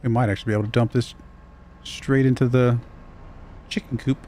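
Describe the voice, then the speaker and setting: A man's voice: medium pitch, fairly even intonation, fairly quick, dark tone. A man with a slight Southern US accent, chatting loosely and chuckling while streaming a farming game. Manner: chatty, rambling, chuckles often. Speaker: livestream gamer. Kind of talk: casual livestream commentary.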